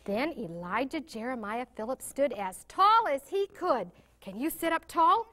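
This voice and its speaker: A woman reading a picture story aloud to young children, animated and full of questions to her listeners. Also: high voice, unhurried. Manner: animated, asks children questions, gasps for suspense.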